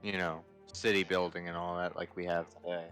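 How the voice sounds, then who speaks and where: A man's voice: deep voice, little pitch movement, fairly quick, fairly bright tone, faint music behind. A man chatting casually with a friend over voice chat, asking questions and laughing often.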